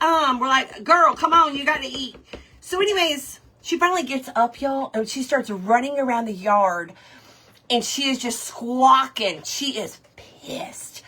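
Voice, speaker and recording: Woman, craft livestream host, casual chatty talk, high voice, breathy. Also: bright, forceful tone. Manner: chatty, greets viewers by name, laughs often. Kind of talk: casual chat while painting on a livestream.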